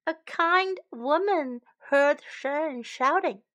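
A woman reading a children's story bilingually, line by line, in a clear and gentle way. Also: high-pitched, slow.

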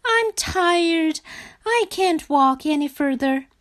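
A woman voicing a small, eager young male frog who pleads and whines in a high, excited voice. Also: takes it slowly, full character voice. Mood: eager, pleading.

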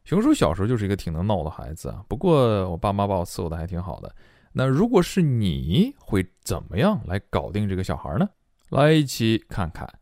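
A Chinese-accented man leads a bilingual English reading lesson in a low, lively voice that swoops up and down. He explains playfully, and the sound is close and dry. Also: a little fast, dry recording. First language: Mandarin. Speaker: English teacher.

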